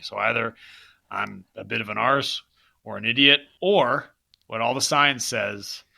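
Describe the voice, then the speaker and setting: A man's voice: medium pitch, creaky, bright, forceful tone. A man hosting a podcast, chatting casually and with a self-deprecating streak. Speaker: podcast host. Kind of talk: casual conversation.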